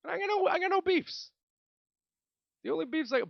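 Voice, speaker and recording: Animated New man ranting on a podcast. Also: very high-pitched, normal speed, gravelly, no echo, dull audio. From Brooklyn, New York. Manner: ranting, swearing, rambling with restarts. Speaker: podcast host. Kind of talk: casual solo podcast monologue.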